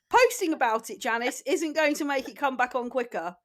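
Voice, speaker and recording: High, animated woman podcast co-host. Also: moderate pace. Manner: animated storyteller who acts out overheard exchanges. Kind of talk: casual comedy chat.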